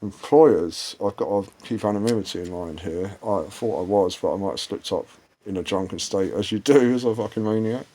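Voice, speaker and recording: A man rants to his channel followers. His voice sits on the low side. He swears freely and wanders from thought to thought in a blunt, unfiltered way. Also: normal speed, warm tone. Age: 40s. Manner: profane, meandering, blunt. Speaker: channel host. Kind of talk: casual rambling rant.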